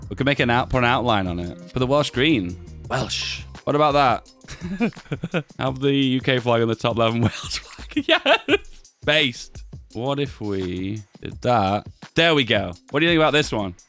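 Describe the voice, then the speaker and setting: A man's voice: mid-range voice, big pitch swings, a little slow, a bit bright, faint music behind. A man hosting a casual video, chatting as he edits images, often asking viewers what they think and laughing at his own jokes. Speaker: video host. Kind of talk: casual commentary while editing images.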